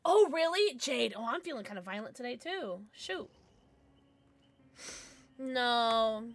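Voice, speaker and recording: A woman's voice: fairly high pitch, very animated, slow. A young adult woman streaming from home, chatting casually and gushing at her chat with sudden squeals.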